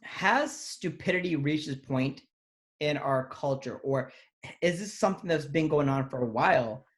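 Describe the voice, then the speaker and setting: A man's voice: fairly high pitch, lively intonation, moderate pace. A man co-hosting a podcast, talking casually, rambling and swearing freely. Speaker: podcast co-host. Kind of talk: casual comedic chat.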